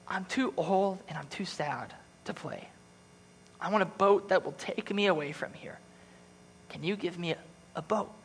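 A man's voice: very high voice, lively intonation, unhurried, bright, forceful tone, long reverb tail, slight background noise, pitched above the performer's own voice, exaggerated voice. A man reading the part of a needy boy from a storybook who keeps asking for things. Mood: weary.

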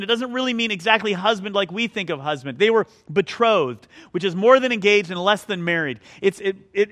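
A man's voice: high voice, sharp tone. A middle-aged male pastor preaching a sermon, telling a self-mocking personal story in a conversational way.

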